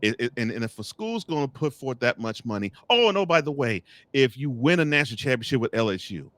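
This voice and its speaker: A sports talk host speaks fast in a medium-pitched voice, recorded with no room sound. On his college football segment he's animated and joking, addressing the coaches and officials he discusses directly.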